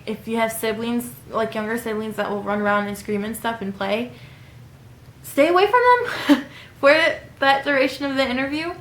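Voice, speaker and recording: A woman's voice: on the high side, a bit bright, slight background noise. A woman in her twenties giving casual advice in a vlog, chatty and rambling with frequent ums. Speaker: vlogger. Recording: echoey room.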